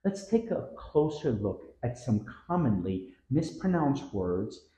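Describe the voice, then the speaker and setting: A man's voice: mid-range voice, very animated, warm tone, reverberant, low-quality recording. A man narrating a scripted pronunciation lesson, drawing out the words he models. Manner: slow, drawn-out model words with stressed syllables. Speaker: pronunciation teacher.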